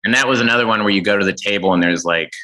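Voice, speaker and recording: A man with a low voice that still has a bright, forceful edge. He tells stories in a rambling, stop-start way during a relaxed chat. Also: rapid-fire, low-quality recording. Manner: rambling storytelling with restarts. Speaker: guest comedian. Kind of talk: casual chat.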